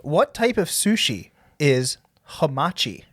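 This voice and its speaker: Lively quizmaster on a dry mic. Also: mid-range voice, no room sound. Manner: reads questions slowly, stumbles on words. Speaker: podcast co-host, quizmaster. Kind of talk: reading trivia questions.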